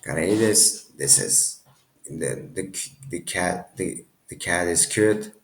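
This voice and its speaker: Slow, gravelly low-voiced male teacher. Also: animated, roomy sound. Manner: halting, many restarts and self-corrections. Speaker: language teacher. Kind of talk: casual language lesson.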